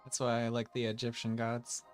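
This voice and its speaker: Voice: mid-range voice, completely flat delivery, moderate pace, faint music behind. A streamer hosting a casual livestream, playful and jokey, catching their own swears.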